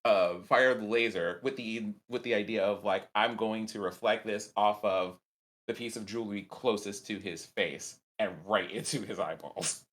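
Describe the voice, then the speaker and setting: A man taking his turn in a tabletop game, with a somewhat low voice. He thinks aloud hesitantly, with plenty of ums and restarts. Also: moderate pace, a bit bright. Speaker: player.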